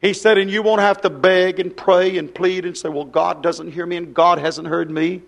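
Preacher guy, gravelly voice, a bit high, acts out little dialogues then drops to a hush. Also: flat delivery, moderate pace. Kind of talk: fiery revival sermon.

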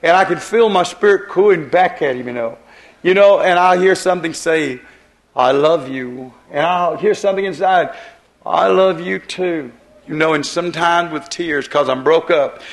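A man with a slightly high voice preaches a sermon at a moderate pace. He tells a parable in a rambling, repetitive way, repeating phrases as the story goes on.

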